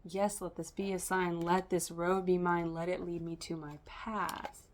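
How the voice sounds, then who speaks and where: A woman's voice: on the low side, little pitch movement, a little slow. A woman giving a casual spiritual tarot reading to camera, rambling and stream-of-consciousness with many fillers. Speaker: tarot reader.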